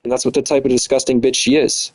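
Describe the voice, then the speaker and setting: A man's voice: medium pitch, flat delivery, fast, a little mellow, poor audio. Profane young man ranting bitterly. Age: 20s. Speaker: streamer. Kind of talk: angry casual rant.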